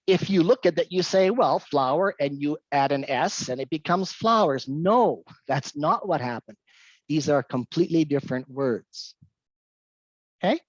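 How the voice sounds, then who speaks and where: A woman giving an English-teaching talk, telling a story with animated delivery and repeating her key points. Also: fairly low pitch, dry recording, lo-fi sound. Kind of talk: lecture with anecdote.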